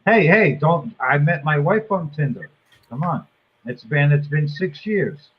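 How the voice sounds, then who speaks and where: A man's voice: on the high side, animated, unhurried, slightly rough, lo-fi sound. A man in a casual live chat, teasing the others in playful banter.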